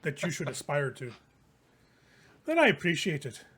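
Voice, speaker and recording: A brash, swaggering knight-for-hire, voiced by a man in a tabletop game, talking loud and high with a drawl. His voice is pitched a bit above the usual. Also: wildly swooping pitch, normal speed, breathy edge, full character voice. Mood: approving.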